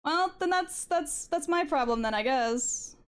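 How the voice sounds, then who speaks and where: A woman's voice: high-pitched, animated, a little slow. A woman in casual chat on a stream, playful and joking, laughing often. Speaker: streamer co-host.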